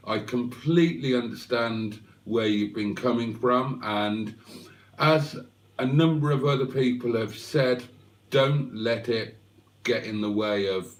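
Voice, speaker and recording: A man's voice: mid-range voice, distant mic. A man hosting a casual livestream, joking as he reads out viewer comments. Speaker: livestream host.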